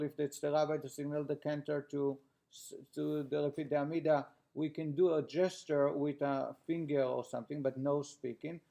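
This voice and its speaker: A man's voice: a little high, gravelly, a little mellow. A man teaching a class, reading a text aloud and then explaining it in plain words with frequent restarts.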